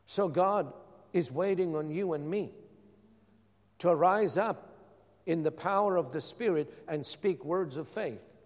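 A middle-aged man preaches a sermon, pressing his listeners with rhetorical questions. His voice sits somewhat high for a man. It rings through a hall with a long reverb. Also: a little mellow. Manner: rhetorical questions, emphatic repetition. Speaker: pastor.

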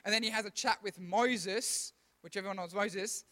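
High-voiced slangy youth preacher. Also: male voice. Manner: slangy, animated storytelling with quick asides. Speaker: youth pastor. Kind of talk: casual youth sermon.

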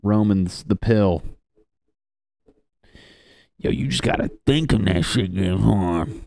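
A man's voice: lowish voice, takes it slowly, creaky, a little mellow, no room sound, clean studio sound. A man doing a casual, crude comedic monologue as a podcast host, rambling and laughing at his own jokes.

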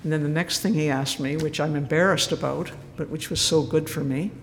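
An older religious sister leading a spoken retreat talk in a large church, telling stories with earnest warmth and wry humor. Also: female voice, deep voice, steady tone, a little fast, in a large hall, slight background noise.

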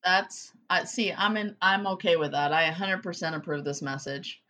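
Animated, foul-mouthed woman telling stories. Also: fairly low pitch, normal speed. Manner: animated, profane storyteller who acts out quotes. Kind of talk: casual chat.

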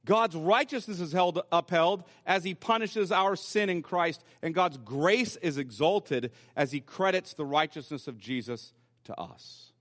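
A male pastor preaching in a church, his fairly high voice carrying a long hall reverb. He walks the listener through scripture point by point, in a patient teaching manner. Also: a little slow, a bit bright. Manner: teaching, explaining scripture step by step. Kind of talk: sermon. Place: church sanctuary.

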